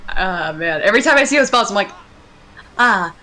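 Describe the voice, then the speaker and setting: A woman's voice: mid-range voice, expressive, very fast, sharp tone. A young woman from Maine chatting casually and swearing freely while streaming a game. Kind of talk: casual chat while gaming. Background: game music.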